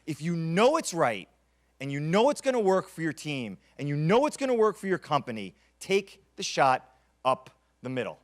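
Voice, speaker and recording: A man's voice: on the high side, sing-song, moderate pace. A man in his thirties giving a motivational keynote, telling stories dramatically and repeating key lines for emphasis. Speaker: keynote speaker.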